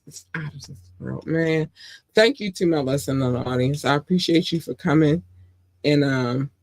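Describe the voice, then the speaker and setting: Woman podcast host, chatty and effusive, prone to excited squeals. Dry, close sound. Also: no room sound. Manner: gushing, excitable, big pitch swings; chatty with fillers and self-corrections. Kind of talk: solo podcast chat.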